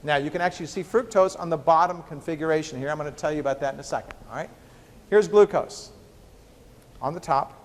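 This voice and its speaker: Speaking a little high and at a quick clip, this man is a biochemistry professor joking his way through a university lecture full of rhetorical questions. The sound comes from a reverberant lecture hall.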